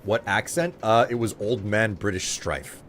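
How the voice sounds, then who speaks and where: A man's voice: fairly low pitch, measured pace, a bit bright, a little hiss or hum. A man streaming a game live, chatting with viewers in a loose, rambling way full of fillers and restarts. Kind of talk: casual chat while streaming a game.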